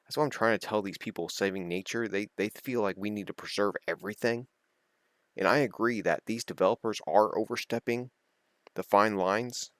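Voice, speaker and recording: A man's voice: lowish voice, moderate pace, no room sound, clean studio sound. A young man talking in a rambling, casual monologue, laughing often and drifting between topics. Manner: laughs often, digresses, chatty and earnest. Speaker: video creator.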